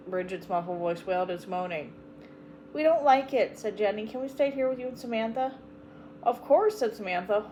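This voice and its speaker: Expressive woman reading a storybook. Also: mid-range voice, slight background noise, rough recording. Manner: expressive, emphatic, tender at sad parts. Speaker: audiobook reader, channel host.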